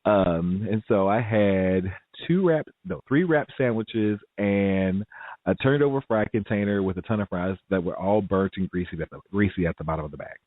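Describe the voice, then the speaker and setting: A man telling a story in a casual vlog, animated and laughing often, jumping to a higher pitch to act out what people said. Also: normal speed, no echo. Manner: animated, laughs often, acts out quoted voices in a high pitch. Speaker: vlogger. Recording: dry, phone-like audio.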